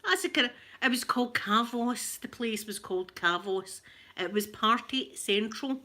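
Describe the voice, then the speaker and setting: A Scottish woman with a rough voice, chatting casually and laughing as she tells stories to viewers on a live stream. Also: a little high, lively intonation, moderate pace, sharp tone. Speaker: livestream host chatting with viewers.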